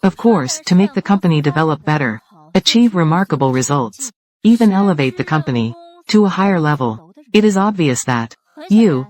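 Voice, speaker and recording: A natural, mid-range voice with a darkish tone dubs several characters in a drama. They are corporate rivals exchanging threats over a company's control, each line short and confrontational.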